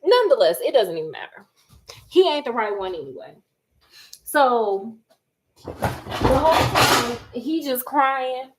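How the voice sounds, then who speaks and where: A woman vlogging while she cooks, chatting casually in an animated, sassy way and acting out quotes. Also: sits high, a little slow, pauses often, a little hiss or hum. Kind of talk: casual chat while cooking.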